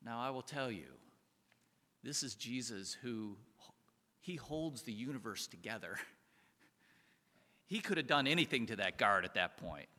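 A man's voice: medium pitch, expressive, a little slow, pauses often, bright, forceful tone. A man giving a conversational sermon as a pastor, often chuckling and asking his listeners rhetorical questions. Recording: reverberant hall.

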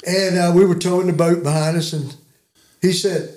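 A man's voice: high-pitched, fairly even intonation, normal speed, darkish tone. A man in his sixties, a guest telling folksy, rambling hunting stories with chuckles. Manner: rambling, chuckling yarn-spinner. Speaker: guest storyteller.

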